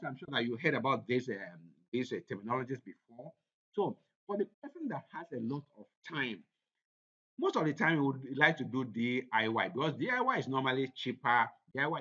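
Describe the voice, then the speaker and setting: A man's voice: mid-range voice, a bit bright, muffled recording. A man presenting a slide lecture on a course topic, who repeats his points for emphasis. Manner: repetitive, emphatic, restates points.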